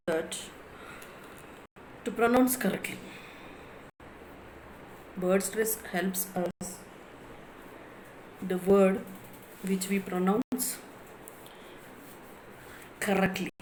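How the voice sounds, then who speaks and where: In a low-quality recording with a bit of hiss or hum, a woman from India teaches pronunciation in an English class. She speaks at a medium pitch with a somewhat dark tone, repeating herself frequently and posing rhetorical questions to her students.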